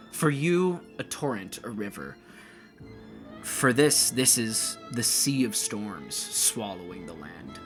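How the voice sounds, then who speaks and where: Guy gm narrating the scene, lots of um and uh, lively. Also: medium pitch. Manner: lively, full of fillers. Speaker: game master. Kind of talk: narrating a tabletop game.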